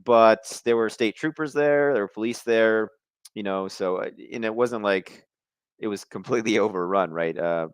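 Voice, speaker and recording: Man, field reporter, calm and measured, smooth low voice, dry sound. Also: no echo. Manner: measured, thoughtful, chuckles now and then. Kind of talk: casual podcast interview.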